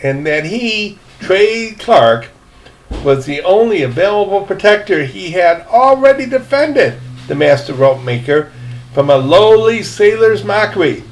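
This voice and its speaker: A man's voice: high voice, lively intonation, a little slow. An older man reading a novel aloud, folksy, stopping for chatty asides to the listener. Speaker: reader, storyteller.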